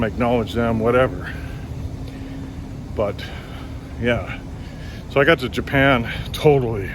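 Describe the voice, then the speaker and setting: Man, mid-pitched, rambling walk-and-talk vlog, exasperated, faint street traffic behind. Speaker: vlogger. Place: outdoors on a city street.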